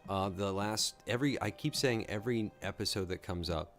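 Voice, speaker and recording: A man's voice: on the low side, fairly quick, hardly any pauses, faint music behind. A man hosting a late-night reaction stream, tired and rambling, joking and laughing at himself as he chats casually. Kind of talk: casual commentary.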